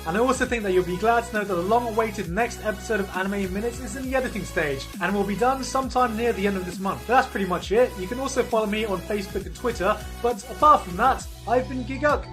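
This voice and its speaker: Young man, high-ish voice, snarky profane comedic reviewer, light music bed. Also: expressive, fast, hardly any pauses, a bit bright. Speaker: anime reviewer. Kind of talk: comedic video commentary.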